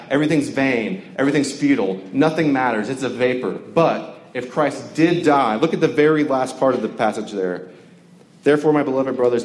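A man's voice: medium pitch, darkish tone. A young man from Georgia preaching a casual sermon, conversational and joking, with lots of filler words. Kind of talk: casual sermon to a campus crowd. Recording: echoey hall with faint ambience.

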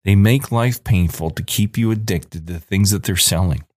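Ranting hard at a moderate pace, a forties-aged male podcast host with a low voice sounds angry and insistent, repeating points to drive them in. He's recorded up close in a dry space without echo.

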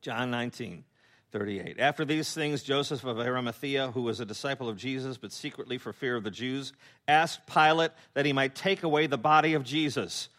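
A man preaching a sermon as a pastor, acting out biblical characters with laughing asides and dropping to a hush on solemn points. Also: medium pitch. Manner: animated storytelling, acting out voices of biblical figures, laughing asides; drops to a hushed, slow tone on solemn points.

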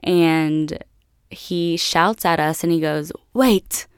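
A woman's voice: sits low, flat delivery, slow pace, smooth, no room sound, studio quality. A young American woman hosting a podcast, chatty and laughing often as she tells a travel story to her listeners. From United States. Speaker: podcast host. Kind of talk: casual solo storytelling.

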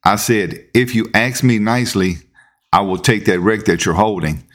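A man, telling a story as podcast host in a relaxed, conversational way. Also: lowish voice, moderate pace. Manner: laid-back, conversational, repeats words when building up. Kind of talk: casual storytelling.

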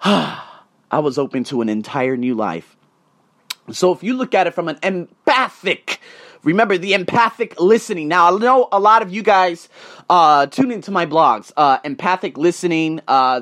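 A man hosting his own podcast, telling personal stories in a casual motivational monologue, swinging between loud emphasis and quiet asides. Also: fairly high pitch. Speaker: podcast host.

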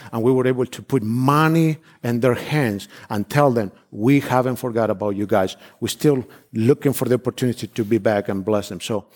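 Fervent man preaching with an Argentine background. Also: medium pitch. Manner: fervent, repetitive, emphatic declarations; frequent restarts, non-native phrasing. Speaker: visiting missionary preacher. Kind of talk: sermon with personal testimony.

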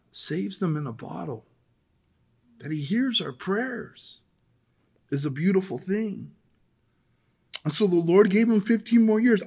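A man preaching a sermon, mixing casual asides with scripture read aloud. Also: sits high. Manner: conversational, reads scripture aloud with rising intensity.

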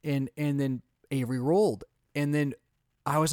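A man in his thirties, a podcast co-host and father, chatting casually and telling animated stories. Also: medium pitch, normal speed, clean tone, no room sound, clean studio sound. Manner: chatty, animated storytelling with quoted voices. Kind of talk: casual chat.

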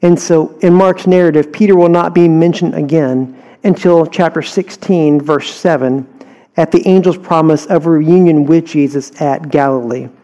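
A man's voice: fairly high pitch, fairly even intonation, normal speed, dark tone, rough recording. A man from Houston with a Texan accent, teaching verse by verse through a Bible passage in a conversational way with rhetorical questions. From Houston, Texas.

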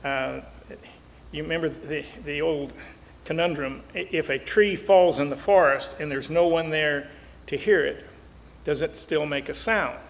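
A man's voice: a little high, unhurried, creaky, in a large hall. An older man and marriage counselor teaching in a folksy, joking way, acting out little quotes. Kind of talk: talk show teaching.

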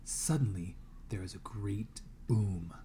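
A man's voice: fairly low pitch, takes it slowly, warm tone, slight background noise. A man reading a novel aloud to a class as a guest reader, dramatic and dropping to a whisper in tense moments.

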